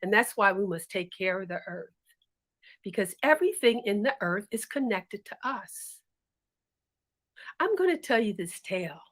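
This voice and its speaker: A woman storyteller telling folk tales in an expressive, animated, sing-song way. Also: medium pitch, normal speed, long pauses. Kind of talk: storytelling for listeners.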